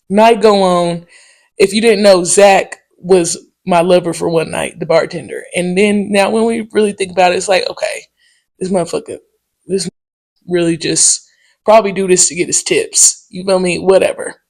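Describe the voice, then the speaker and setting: A woman hosts her own podcast in a relaxed solo monologue. She tells stories in a loose, slangy and profane way. Her delivery is animated, with quick asides and filler words such as "um" and "okay?". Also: fairly low pitch. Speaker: podcast host. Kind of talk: casual solo podcast storytelling.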